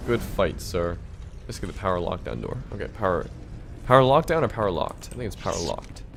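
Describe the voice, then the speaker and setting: Low-voiced, chatty man commentating a game. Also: very animated, brisk, gravelly, slight background noise. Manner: chatty, joking, rambling. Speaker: gaming YouTuber. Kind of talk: casual gameplay commentary.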